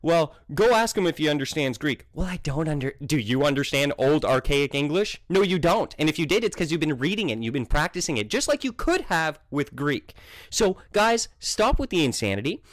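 Heated, animated French-accented man. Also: fairly high pitch, fairly quick, no room sound. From French Canada. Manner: combative, sarcastic, scolding. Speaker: Christian vlogger. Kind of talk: heated monologue.

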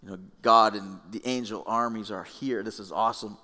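A preacher acting out a cocky, eager young warrior leader, arrogant and gleeful. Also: male voice, fairly low pitch, steady tone, fairly quick, bright, forceful tone, big-room sound.

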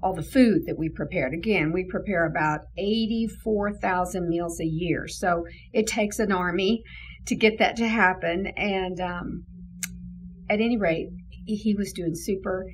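A woman's voice: fairly low pitch, a little slow, a little hiss or hum, low-quality recording. A woman who leads a mission, telling an earnest faith testimony with many fillers. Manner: earnest, emotional, full of fillers. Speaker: ministry leader. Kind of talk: testimony storytelling.

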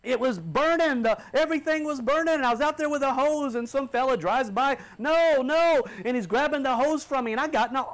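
A man preaching a fiery sermon, dropping to low murmurs and then rising to shouts. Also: quick pace, few pauses. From United States.

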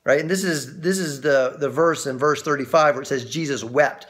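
A man teaching on a Bible passage as a pastor, in a conversational way with frequent restarts, lively when he acts out quoted voices. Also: medium pitch, normal speed.

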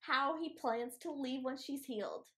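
A woman co-hosting a podcast, chatting casually about a book with animated, outspoken reactions. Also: high voice, measured pace. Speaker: podcast co-host. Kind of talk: casual book-recap chat.

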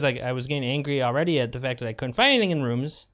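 A man's voice: on the high side, lively intonation, rapid-fire, few pauses, fairly bright tone. A man streaming a game live, making sarcastic jokes and swearing a lot when he gets frustrated. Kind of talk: live gameplay commentary.

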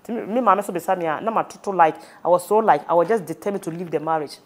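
A woman with a Ghanaian accent, interviewed about a painful personal experience, gives emotional testimony in a mix of Twi and English. Her voice sits lowish and she speaks at a racing pace.

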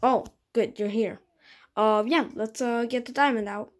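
A woman's voice: a little high, fairly even intonation, a little slow, a little hiss or hum. A woman voicing toy figures in a playful stop-motion play, switching between characters in dialogue.

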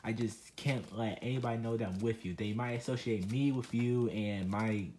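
A man's voice: on the low side, steady tone, moderate pace, a little mellow, slight background noise, natural voice. A man voicing a laid-back teenage puppet friend who drawls casually and says dude constantly. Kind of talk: comedic puppet skit voice.

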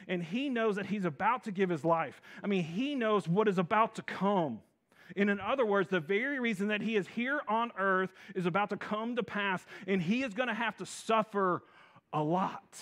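A male pastor preaches with a high-pitched voice. He tells the story in a playful, animated way. He often turns to the congregation and coaxes them to join in. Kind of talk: sermon.

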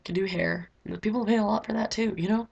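A woman's voice: mid-range voice, fairly even intonation, fast talker, gravelly, a little mellow, breathy edge, muffled recording. A teenage girl vlogging from her bedroom, rambling casually with lots of fillers. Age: teens. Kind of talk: casual diary vlog.

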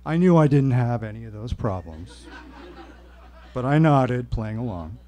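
Guy telling a wry funny story on stage, mellow low-key voice. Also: measured pace. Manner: wry, deadpan humor. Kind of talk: personal storytelling at a live reading. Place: stage at a live show.

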